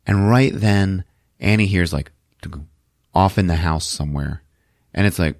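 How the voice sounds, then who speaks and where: A man hosting a podcast who recaps a movie in an animated, profane, casual way on a close mic. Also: deep voice, unhurried, long pauses, no echo. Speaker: podcast host.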